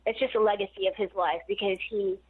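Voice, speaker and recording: A woman in her forties calls in to an interview and rambles through long, winding stories, laughing now and then. Her voice sits at an ordinary middle pitch and comes through a thin, tinny phone line. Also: fairly even intonation, fast, slightly rough. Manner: rambling, digressive storytelling with laughs. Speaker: interview guest. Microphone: phone call.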